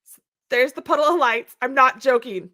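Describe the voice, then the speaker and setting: Female host, high bright voice, casual chat, lively storyteller with frequent laughs. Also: normal speed. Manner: animated storytelling, laughs often. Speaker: show host. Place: home.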